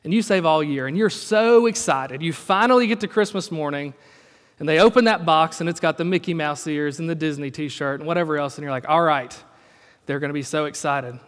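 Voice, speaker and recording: A man's voice: fairly high pitch, brisk, big-room sound. A male pastor preaching a sermon in a conversational storytelling way. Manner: conversational, storytelling with acted quotes.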